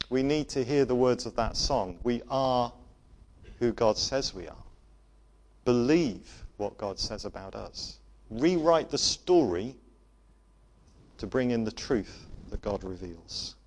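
A man preaching a sermon to a congregation, gentle in manner, often dropping to a soft voice for emphasis. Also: medium pitch. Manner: gentle, varies loudness for emphasis, drops to soft tones.

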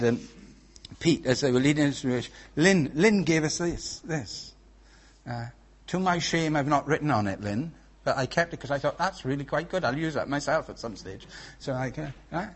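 Welsh male preacher, slightly raised pitch, husky tone, chatty sermon delivery with frequent check-ins. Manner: conversational, checks in with "yeah?" and "right?".

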